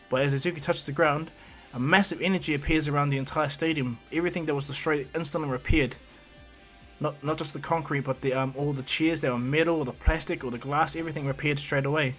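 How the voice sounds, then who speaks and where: A man's voice: a little high, a bit bright. A man retelling a fan story casually, rambling along. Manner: rambling, with fillers and restarts.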